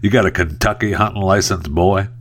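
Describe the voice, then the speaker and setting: Man voicing a bossy game warden in a joke, gruff and accusing. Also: deep voice, fairly even intonation, fairly quick, close to an everyday voice.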